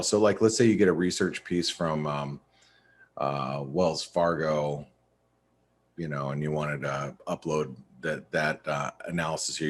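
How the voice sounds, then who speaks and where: A man with an extremely low, husky voice hosts a live trading webinar, rambling through a screen-share walkthrough. He's tired and yawning, his talk full of fillers and restarts.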